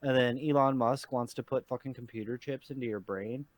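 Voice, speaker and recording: Casting: New York podcast co-host, mid voice, heated profane ranter. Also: male voice, medium pitch, steady tone, brisk, no echo. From New York state. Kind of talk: casual chat.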